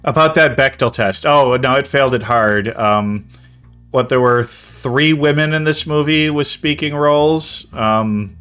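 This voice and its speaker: A man's voice: mid-range voice, a little slow, fairly bright tone, smooth, soft background music. A man hosting a casual movie-review podcast, rambling and laughing at his own puns. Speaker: podcast host.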